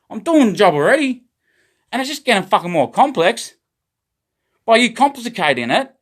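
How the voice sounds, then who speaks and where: A man's voice: high-pitched, fairly bright tone. An Australian man livestreaming a rambling, agitated monologue full of swearing.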